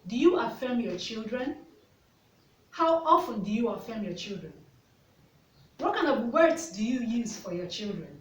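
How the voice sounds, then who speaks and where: A woman's voice: on the high side, sing-song, normal speed, pauses often, a little hiss or hum. A woman, a mother and part-time teacher, telling stories to camera in an earnest way and asking the viewer repeated questions. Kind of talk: reflective storytelling to camera. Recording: roomy, distant mic with faint ambience.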